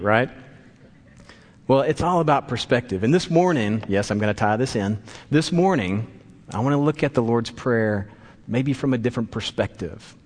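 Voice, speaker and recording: A man's voice: medium pitch, animated, moderate pace. A man preaching a sermon in a church, telling a story and acting out the voices in it. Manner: storytelling, acts out voices in quotes. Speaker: pastor. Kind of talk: sermon with an anecdote. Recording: long hall reverb.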